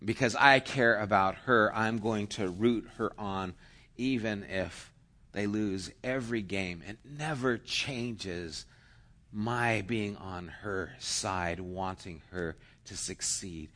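A man preaching a sermon, slow and emphatic, rising into loud cheering bursts. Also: lowish voice. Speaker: pastor.

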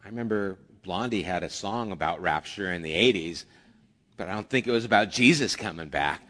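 A man's voice: deep voice, lively intonation, fairly quick, a bit bright. Pastor, male, chatty preaching style with quoted asides, echoing church hall. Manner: conversational preaching with acted asides. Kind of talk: sermon. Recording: long hall reverb.

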